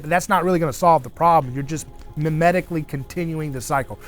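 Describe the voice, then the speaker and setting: A man hosting a casual discussion around an outdoor fire, talking in an animated way and acting out the voices he quotes. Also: fairly high pitch, fast, few pauses. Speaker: host.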